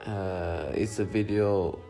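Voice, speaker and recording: A man's voice: low voice, slow, creaky, warm tone, faint music behind. A young man vlogger casually commenting on his own silent video, laid-back, swearing and mocking himself.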